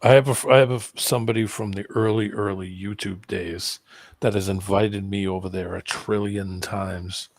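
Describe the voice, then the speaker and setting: A man's voice: fairly low pitch, fairly even intonation, normal speed, dry recording. A man chatting in an easygoing way, asking questions and telling stories. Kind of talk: casual chat.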